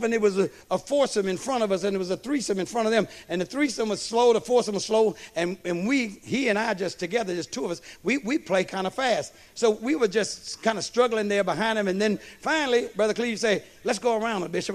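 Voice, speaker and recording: A man preaching a sermon as a pastor, slow and emphatic, tossing in "amen" and questions to the congregation. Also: sits high. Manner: preaching with call-and-response asides; slow, emphatic delivery with storytelling.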